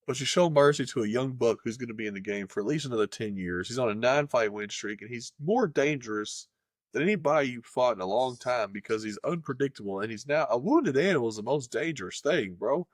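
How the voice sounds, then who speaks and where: A male podcast host talking casually and profanely, animated and quick to slip into mock voices. His mid-range voice is close to the mic and dry, with no room sound. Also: mid-range voice, no room sound. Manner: profane, animated, jumps into playful impressions. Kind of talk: casual chat.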